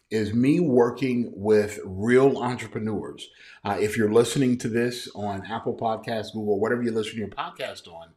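A man's voice: lowish voice, darkish tone. A man in his thirties hosting a business coaching podcast, talking casually and earnestly with many fillers and restarts. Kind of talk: podcast introduction monologue.

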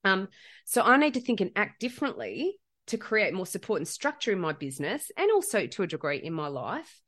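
A woman's voice: mid-range voice, very animated, a little fast, a bit bright. A middle-aged woman hosting a reflective solo podcast, talking in an earnest, heartfelt way and repeating phrases for emphasis. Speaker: podcast host.

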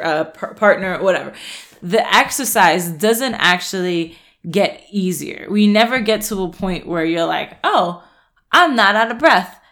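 A woman's voice: fairly low pitch, a bit bright. A woman working as a happiness and nutrition coach, giving a casual motivational talk in a frank, chatty way, often restarting sentences, laughing and swearing.

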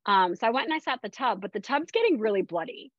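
A woman's voice: fairly high pitch, fast talker, no room sound. Woman guest telling a story, lots of ums, kinda muffled lo-fi, dry sound. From Florida. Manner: chatty, animated retelling, frequent fillers. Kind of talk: casual personal storytelling.

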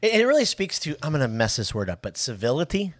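A man co-hosting a casual podcast chat, animated and drawing out key words for emphasis. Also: fairly high pitch, fast, no echo, studio quality. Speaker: podcast co-host.

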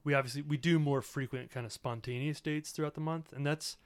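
Earnest man with a smooth voice. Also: a little high, steady tone, a little fast, no room sound. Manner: earnest, reflective, many "like" fillers. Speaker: podcast host. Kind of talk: casual conversational podcast.

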